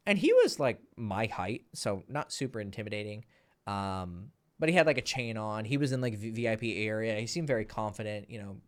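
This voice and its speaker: A man, a dating coach, telling a story casually, animated, laughing and swearing freely. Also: on the low side, fairly quick.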